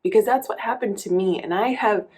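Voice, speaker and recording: A woman's voice: medium pitch, fairly quick, darkish tone, husky. A woman coach speaking candidly and reflectively in a personal vlog, telling a story with many small restarts. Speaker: coach and vlogger.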